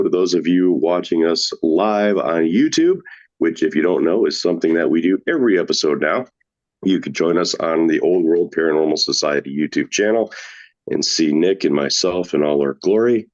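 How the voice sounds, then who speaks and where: A man with a very low voice hosts a casual paranormal podcast, cracking jokes and rambling with plenty of "uh"s. The recording sounds dull and lo-fi. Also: normal speed, darkish tone. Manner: jokey, loose, rambling with fillers. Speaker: podcast host.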